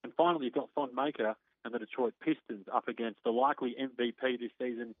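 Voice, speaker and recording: A man's voice: mid-range voice, fairly even intonation, no echo. An Australian man working as a sports correspondent, telling stories in a chatty radio report. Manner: chatty, quick storytelling. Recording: tinny phone line, dry.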